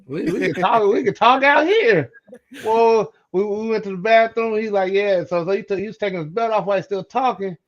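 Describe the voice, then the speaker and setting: A man co-hosting a podcast, telling a childhood story in casual chat, animated and acting out the voices in it. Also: high-pitched, brisk, few pauses, highs cut off. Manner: animated, acts out quoted voices, repeats words. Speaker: podcast co-host.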